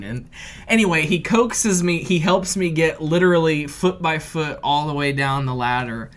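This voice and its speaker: A podcast co-host with a higher-pitched voice at normal speed tells a casual story in loose, rambling phrasing full of fillers and restarts. He grows animated when acting out his own panic.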